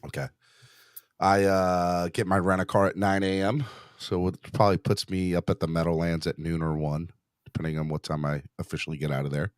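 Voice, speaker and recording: A man hosting a sports podcast in casual chat, rambling and excitable, often restarting his sentences. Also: low-pitched, a little fast, smooth, no room sound, clean studio sound. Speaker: podcast host.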